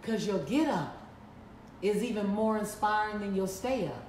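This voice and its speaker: A woman's voice: mid-range voice, animated, normal speed, darkish tone, a little hiss or hum. Emphatic woman preaching to a room. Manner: emphatic, preacherly, repeats lines for effect. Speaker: motivational speaker. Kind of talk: live motivational talk to an audience. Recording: echoey room, mic at a distance.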